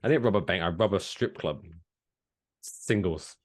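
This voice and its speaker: A man's voice: sits low, normal speed. A man co-hosting a comedy podcast, joking and playful. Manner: jokey, playful, animated. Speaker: podcast co-host. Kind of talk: casual comedy chat.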